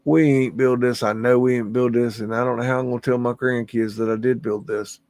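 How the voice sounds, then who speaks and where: A man voicing a gruff fellow who grumbles, resigned, that he must lie to his grandkids. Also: medium pitch, fairly even intonation, fairly quick, darkish tone, no room sound, clean studio sound, close to an everyday voice. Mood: grumbling. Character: gruff man forced to lie about history.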